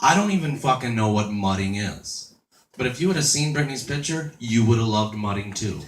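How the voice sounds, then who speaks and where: Male stand-up, 30s, crude crowd-work style, animated delivery, roomy distant club recording. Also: medium pitch, fairly quick, slight background noise. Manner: crude, self-mocking, chatty with the crowd. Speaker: stand-up comedian. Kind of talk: stand-up comedy set. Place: comedy club stage before a laughing crowd. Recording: echoey club room, mic heard from a distance.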